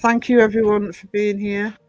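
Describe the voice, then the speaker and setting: A man's voice: high-pitched, level tone, moderate pace, slight background noise, low-quality recording. A man co-hosting a casual livestream chat, blunt and joking, who swears freely. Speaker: livestream co-host.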